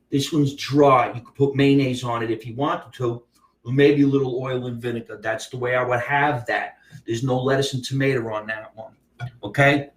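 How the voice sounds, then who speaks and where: Loud swearing east coast guy hosting a live stream from home, echoey room, kinda far off the mic. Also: mid-range voice, slight background noise. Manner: brash and profane, drawn-out emphatic words. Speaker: comedian host of a live show. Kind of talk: casual live-stream chat. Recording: roomy, from off the mic.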